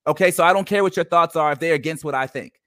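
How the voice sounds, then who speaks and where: A man's voice: fairly high pitch, fast talker, bright, forceful tone, no echo, studio quality. A man in his thirties co-hosting a casual faith discussion, emphatic and preachy. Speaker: podcast co-host.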